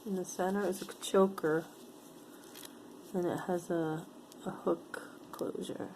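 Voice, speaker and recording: A woman's voice: on the low side, steady tone, slow, noisy background. A woman chatting casually to her camera as she sorts through jewelry, musing aloud and easily delighted by each piece. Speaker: vlogger sorting jewelry for sale. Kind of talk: casual show-and-tell chat.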